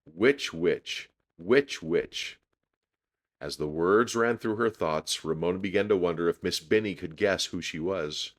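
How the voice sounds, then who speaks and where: A man reading a children's chapter book aloud, expressive and measured. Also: low-pitched. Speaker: storyteller.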